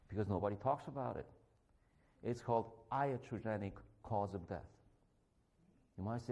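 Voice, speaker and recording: A physician serving as guest preacher gives a conversational sermon in a church, animated and joking as he acts out confrontations. His voice is mid-range and his pace moderate.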